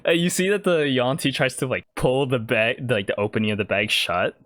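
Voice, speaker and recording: A man narrating as game master for a tabletop game, relaxed and hesitant with fillers. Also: mid-range voice, brisk, dry recording, clean studio sound.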